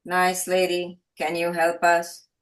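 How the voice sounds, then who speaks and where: A woman's voice: lowish voice, completely flat delivery, slow, recorded from a distance. A woman voicing a second alien spaceman, talking in a stiff, formal, robot-like way. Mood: stiff, pleading.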